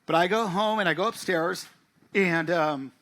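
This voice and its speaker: A man's voice: sits high, moderate pace, a bit bright. A man preaching a sermon, telling a personal story and acting out family dialogue. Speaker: pastor. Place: church.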